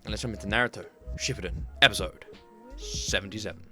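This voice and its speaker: A man hosting an anime reaction video, chatting casually and excitedly, joking and swearing as he reacts. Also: lowish voice, quick pace, soft background music. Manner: excitable, animated, jokey, swears freely.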